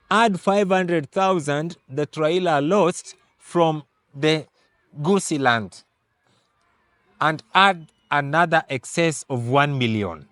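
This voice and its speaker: A man giving a political analysis monologue, laying out figures step by step in a deliberate, emphatic way. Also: on the high side, a bit bright, smooth, no echo. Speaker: political commentator.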